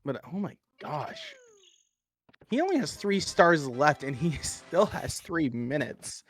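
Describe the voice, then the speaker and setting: A young man calls a speedrun race in a relaxed, chatty voice, laughing often between comments. He sounds like he is on a headset mic. Faint game music runs underneath. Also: on the high side, slow. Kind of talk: live esports commentary.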